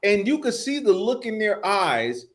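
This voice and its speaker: A man's voice: high voice, sing-song, measured pace, fairly bright tone. A man with a Texan accent, co-hosting a comedy podcast, telling stories with lots of profanity and stammered restarts. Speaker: podcast co-host. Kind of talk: casual comedic political chat.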